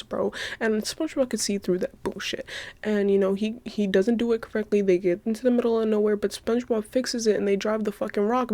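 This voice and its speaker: Solo podcast host, woman, mid-range pitch, gushing and giggly, heavy slang and swearing, dry sound. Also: warm tone, no echo. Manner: giggly, breaks into laughter. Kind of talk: casual solo podcast rant.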